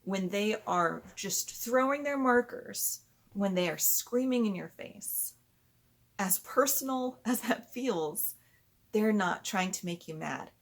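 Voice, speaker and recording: A woman explaining parenting steps in a patient, conversational way, sometimes acting out gentle lines a parent might say. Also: mid-range voice, expressive, slow pace, creaky. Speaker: parenting educator. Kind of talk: explanatory talk.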